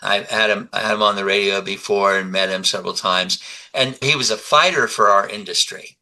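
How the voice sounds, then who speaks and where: An older man in his seventies talks as a guest in a relaxed interview. His voice is low and strikingly forceful, with a sharp edge. He tells stories with animation and acts out the dialogue. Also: a little fast, rough recording. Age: 70s. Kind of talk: conversational interview.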